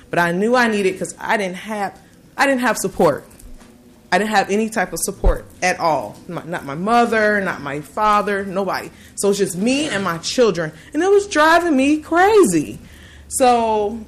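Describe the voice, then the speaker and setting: A woman in her thirties, a parent giving personal testimony, telling her story in an earnest, animated way with many restarts. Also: medium pitch, slight background noise.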